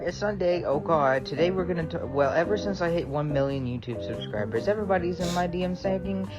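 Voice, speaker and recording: A performer playing a hyped-up, muscly nutritionist character for an online video, talking in a loud, pumped-up, chant-like way. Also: mid-range voice, close to an everyday voice, low-quality recording.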